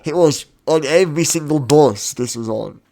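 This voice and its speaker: A man's voice: on the high side, mellow. Chatty man reviewing films. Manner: chatty, brisk, mock-imitates people. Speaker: podcast co-host. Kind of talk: casual film review chat.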